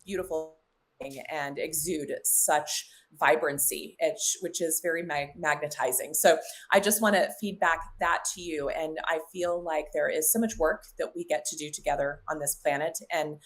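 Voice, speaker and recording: Low-voiced woman, heartfelt guest. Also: steady tone, moderate pace. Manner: heartfelt, fluent, enthusiastic lists. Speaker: naturopathic oncologist, guest. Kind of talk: casual podcast interview.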